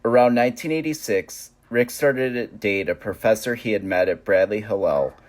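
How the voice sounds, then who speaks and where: A man with a lowish voice narrates a family memorial tribute in an even, plain storytelling way. His reading is steady and unhurried, with the feel of a prepared script. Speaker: memorial narrator, son of the deceased.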